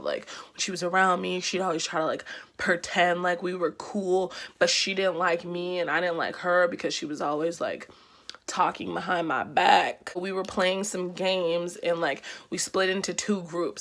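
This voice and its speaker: A young woman vlogger telling a story in an animated, slangy way with quick asides. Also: lowish voice. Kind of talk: storytime vlog.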